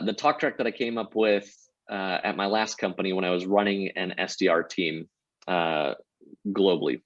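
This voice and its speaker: An energetic man with a fairly low voice, appearing as a podcast guest on a remote call, casually walks through his sales approach step by step. The audio is dry and slightly dull, like lo-fi call sound.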